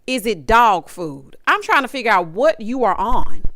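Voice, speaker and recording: Sassy woman recapping TV, lively voice. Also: on the high side, normal speed, hardly any pauses, no echo. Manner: animated, dramatic and sassy, with punchy asides. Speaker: reality TV recap host.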